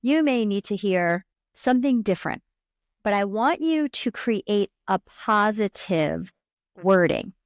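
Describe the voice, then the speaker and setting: A woman's voice: medium pitch, expressive, measured pace, no echo, studio quality. A woman hosting a self-help podcast, talking earnestly to her listener in a coaching tone. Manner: earnest, coaching tone, acts out inner voices. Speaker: podcast host and subconscious coach. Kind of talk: solo self-help talk.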